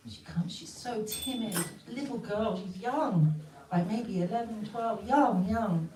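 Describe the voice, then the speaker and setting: A woman's voice: on the low side, slow, warm tone, slight background noise. A woman from the West telling a personal story to a group, acting out the voices she quotes. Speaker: storyteller sharing a memory. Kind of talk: casual spoken testimony. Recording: roomy, distant mic with faint ambience.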